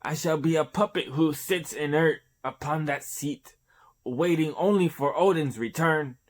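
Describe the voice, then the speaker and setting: A sly, groveling nobleman who begs for help in an overly humble tone and jumps at every scare, as a man reading a comic aloud puts him on. His voice sits higher and louder than a plain speaking voice and is delivered slowly. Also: natural voice. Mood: pleading humbly. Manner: overly humble, pleading, then jumpy and frightened. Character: fawning scheming male lord, humble yet sly.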